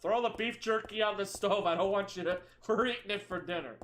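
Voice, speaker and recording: A woman's voice: medium pitch, fairly quick, a little hiss or hum. A woman streamer giving casual, jokey and sarcastic commentary while playing a game. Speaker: gaming streamer. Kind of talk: casual let's play commentary.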